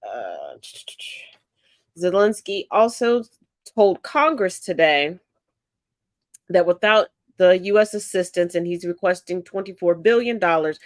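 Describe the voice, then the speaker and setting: A woman hosts a solo political commentary show, sounding congested and stuffy-nosed as she reads figures in a measured, deliberate way. Her voice is fairly low, and the recording is dry.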